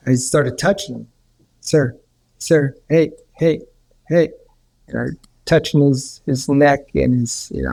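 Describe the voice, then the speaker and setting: Male healer guest, rambling storyteller, fry in the voice. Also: medium pitch, warm tone. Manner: rambling, repeats words, many restarts. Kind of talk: casual storytelling.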